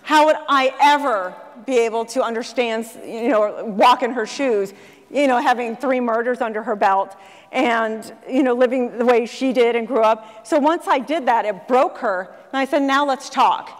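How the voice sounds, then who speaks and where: Speaking from the stage of a large conference hall, a woman with a high voice tells a story to the audience at a normal pace. She performs the voices of the people she quotes, and a long hall reverb rings through the sound.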